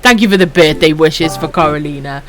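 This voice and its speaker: A Welsh woman in her thirties chats casually on a late-night stream, her voice low, fairly quick and a bit bright, with slight background noise. She swears freely, giggles, reads chat aloud and affectionately calls viewers pet names.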